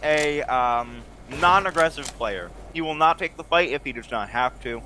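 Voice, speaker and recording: A man's voice: a little high, moderate pace, pushed and bright, slight background noise. A young man co-commentating a game tournament, hesitant, with lots of fillers. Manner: hesitant, filler-heavy analysis. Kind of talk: casual esports co-commentary. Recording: game music under the voice.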